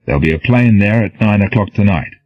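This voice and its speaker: A man plays an unflappable commando leader with a dry wit, with a low, husky voice. He speaks calmly, without heat, in a dull, dry audiobook recording. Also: a little fast. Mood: steady. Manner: calm, dry. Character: calm, dry-witted male commando leader.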